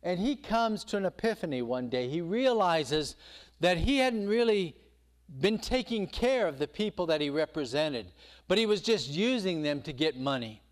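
Animated high-voiced male preacher. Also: normal speed. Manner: animated storytelling, acts out quotes. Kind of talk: sermon.

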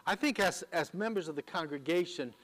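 Earnest preacher man, slightly high voice. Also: a bit bright. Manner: earnest, measured, slows on key words. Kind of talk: sermon.

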